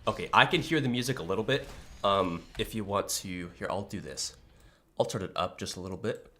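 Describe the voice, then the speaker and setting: A young man with a somewhat low voice talks casually over his gameplay, sounding groggy as if just out of bed. He rambles easily and keeps pausing to clear his throat. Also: pushed and bright. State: groggy morning voice. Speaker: streamer. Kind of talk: casual live-stream chat.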